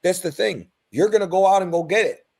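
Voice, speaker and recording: A man co-hosting a casual chat, emphatic and sweary, quickly backing up the other host's points. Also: high voice, vocal fry. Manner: emphatic and sweary, backs the host with quick agreement. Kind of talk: casual football podcast chat.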